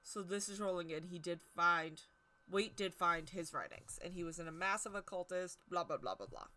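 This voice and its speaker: A woman's voice: on the low side, steady tone, moderate pace, sharp tone. A woman giving a casual, chatty history talk on tarot, stumbling over hard names and poking fun at herself. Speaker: tarot teacher.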